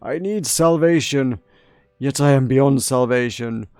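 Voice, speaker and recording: A man's voice: mid-range voice, unhurried, darkish tone, clean tone, no room sound, clean studio sound, soft background music, natural voice. A man voicing a guilt-stricken middle-aged king who confesses in an anguished prayer.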